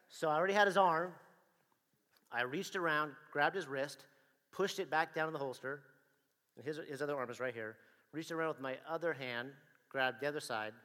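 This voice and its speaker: A man telling a personal story to an audience in a dramatic, animated way, acting out the dialogue and the action. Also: on the high side, in a large hall.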